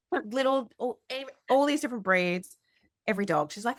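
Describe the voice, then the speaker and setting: A woman's voice: fairly high pitch, moderate pace, no echo, studio quality. Chatty woman host. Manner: chatty, animated, many fillers. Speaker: podcast host. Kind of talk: casual storytelling chat.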